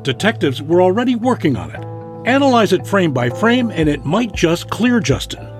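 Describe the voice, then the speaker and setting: Guy narrating a true crime news piece, lively and dramatic, soft music under. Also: sits high. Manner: dramatic, measured delivery.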